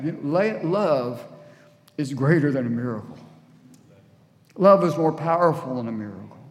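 A man's voice: medium pitch, dark tone. A man preaching a sermon in church, earnest, sometimes acting out the people in the story. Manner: earnest, acts out voices in the story. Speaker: guest preacher. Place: church hall. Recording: long church hall reverb.

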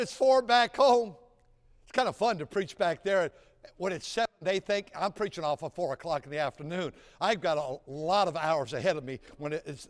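A man preaching a sermon, telling folksy stories and building to shouted exhortation. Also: sits high. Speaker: pastor. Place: large church sanctuary. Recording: church sanctuary with long reverb.

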